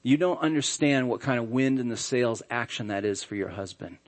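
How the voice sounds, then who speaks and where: A man's voice: mid-range voice, fairly quick. Conversational man preaching a sermon. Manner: conversational, humorous storytelling. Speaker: pastor. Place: church sanctuary.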